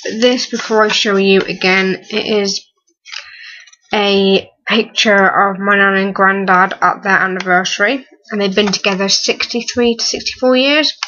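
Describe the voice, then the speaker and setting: A young woman in her early twenties, close to tears, talking haltingly with many fillers and restarts in a personal vlog. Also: mid-range voice, steady tone, sharp tone, dull audio, slight background noise. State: on the verge of tears. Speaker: vlogger.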